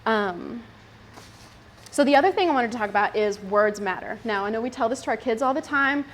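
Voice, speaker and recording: A woman's voice: fairly high pitch, expressive, a little fast. A young woman giving a casual, chatty talk to a mothers' group, laughing often and using many fillers.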